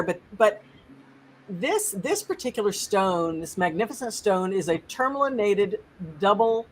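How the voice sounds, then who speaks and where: A woman's voice: medium pitch, slight background noise. A woman guest on a live stream, enthusiastically explaining crystals with many restarts.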